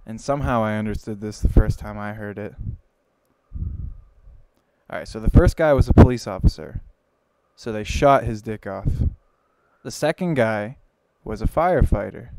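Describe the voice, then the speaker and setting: A man's voice: fairly low pitch, a little mellow, smooth, no room sound, rough recording. A young man livestreaming and telling a long joke in a rambling, self-interrupting way. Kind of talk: casual joke telling on a live stream.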